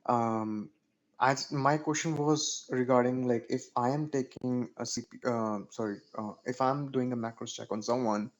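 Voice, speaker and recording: A man asking questions during an online training meeting. He speaks carefully and apologetically and rephrases himself to be clear. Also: mid-range voice, fairly even intonation, moderate pace, highs cut off. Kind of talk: casual meeting talk.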